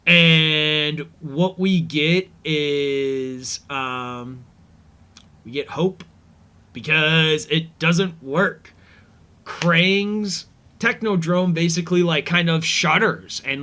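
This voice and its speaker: A man's voice: a little high, drawn-out words, sharp tone. A man hosting a casual episode commentary, rambling easygoing with lots of fillers. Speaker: podcast host.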